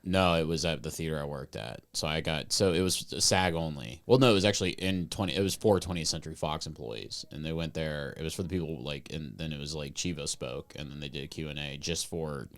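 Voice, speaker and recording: A man's voice: rumbling low, fairly quick, few pauses. A young man co-hosting a podcast, telling a rambling story in a laid-back, casual way. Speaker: podcast co-host. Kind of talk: casual chat.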